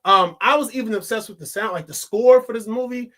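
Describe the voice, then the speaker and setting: A man's voice: high-pitched, brisk, sharp tone. A young adult man reviewing a movie in a casual, rambling monologue, full of joking asides and restarts.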